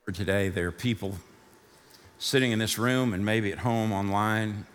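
A male pastor preaching a sermon in a church, building to fired-up shouting and easing into a softer prayer. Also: fairly low pitch, steady tone, moderate pace, smooth, in a large hall. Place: church sanctuary.

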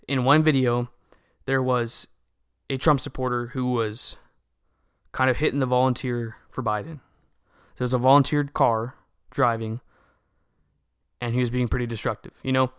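A man in a casual opinion monologue, talking earnestly and a bit preachy, pausing to ask "okay?" and often restarting phrases. His voice is smooth and clear, at a middling pitch, and the recording is dry and close. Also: steady tone, a bit bright, no room sound. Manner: earnest, lecturing, keeps asking "okay?". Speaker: political commentator.

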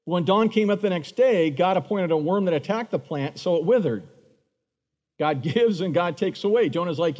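A male pastor with a somewhat high voice preaches at a moderate pace, animatedly acting out the voices of Bible figures. His words ring with the long reverb of a large hall.

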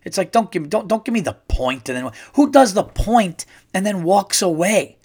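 A middle-aged man hosting a podcast, telling a comedic story in a profane, animated rant and acting out the quotes. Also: high-pitched, normal speed, husky. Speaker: podcast host. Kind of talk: ranting comedic monologue.

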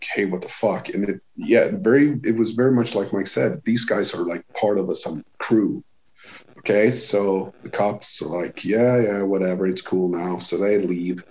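A man from Sweden telling a tour story in casual chat, animated and swearing, acting out what people said. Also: lowish voice, highs cut off. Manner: animated, swearing, acts out quotes with raised voice. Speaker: touring musician telling a story.

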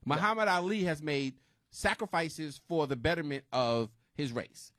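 A man's voice: fairly high pitch, moderate pace, no room sound, studio quality. A man co-hosting a casual talk show, arguing his points and steering the conversation. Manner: animated, argumentative, steers the talk. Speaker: podcast co-host. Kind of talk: casual banter.

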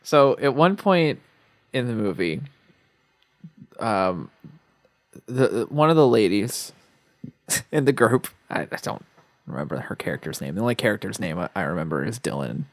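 A man with a very lively, swooping voice recounts a movie on a podcast. He halts and restarts often as he searches for details. The recording is dry and close. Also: lowish voice, dry recording. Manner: halting, stammering retellings. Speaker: podcast co-host. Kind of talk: casual movie chat.

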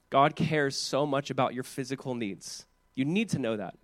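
A man preaching a sermon as pastor, animated and conversational, with chatty asides to the congregation. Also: a little high, a little fast, no echo.

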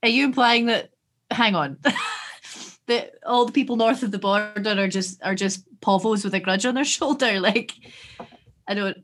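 A woman from Scotland co-hosting a podcast in casual chat, animated and sweary with quick asides. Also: on the high side. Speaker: podcast co-host.

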